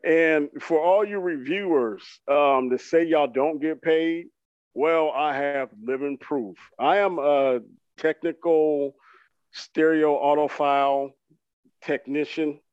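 Animated ranting man, dull dry sound. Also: fairly high pitch, slow, smooth, dry recording. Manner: animated, mock-boastful, acts out his own excitement. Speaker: podcast co-host. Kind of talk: comedic rant.

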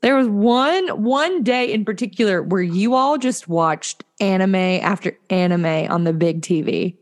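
A woman's voice: medium pitch, a little slow. A young woman, a therapist, chatting casually and rambling with her father. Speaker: mental health therapist. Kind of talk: casual family chat.

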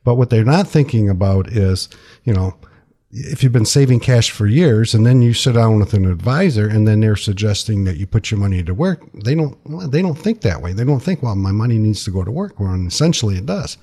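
Husky low-voiced man, folksy advisor. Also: animated, a little fast, mellow. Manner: folksy, repeats words, laughs easily. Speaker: financial advisor guest. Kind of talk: casual radio talk.

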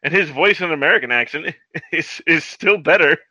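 Bright-voiced, amused podcast co-host. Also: male voice, fairly high pitch, fairly quick, breathy edge, no echo, poor audio. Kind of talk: casual film-review chat.

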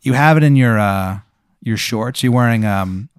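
A man improvising a comic hypothetical story, rambling and animated with lots of fillers. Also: medium pitch, moderate pace, clean tone, dry recording, studio quality. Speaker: podcast host narrating a hypothetical.

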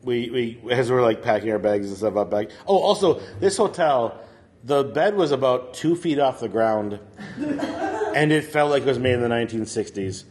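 A man's voice: medium pitch, animated, normal speed, a little mellow. A man telling a long story in casual chat, rambling with lots of fillers and laughing as he goes.

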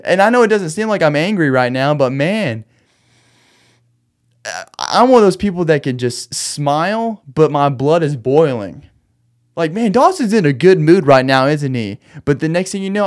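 A man's voice: fairly high pitch, big pitch swings, moderate pace. A man hosting a solo late-night podcast, venting in a rambling, restless way and laughing through his anger. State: agitated, wound up. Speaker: podcast host. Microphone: podcast microphone.

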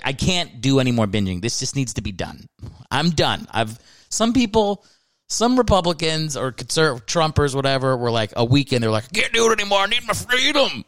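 A man's voice: on the low side, dry recording. A man hosting a comedy podcast, rambling through a ranting monologue with bursts of mock outrage. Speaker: podcast host.

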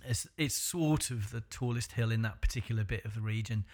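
A man's voice: lowish voice, fairly quick, darkish tone. A man from Wales, hosting a casual podcast chat and joking with a ready laugh. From North Wales. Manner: jokey, laughs often, self-mocking. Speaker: podcast host. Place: small studio.

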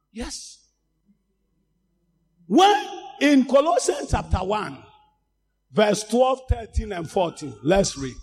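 A Ghanaian man preaching a sermon in a high, husky voice with a gravelly edge. His pitch swings widely as he moves from calm teaching into loud, shouted exhortation. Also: takes it slowly, long pauses. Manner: switches between English and Twi, rising to shouts.

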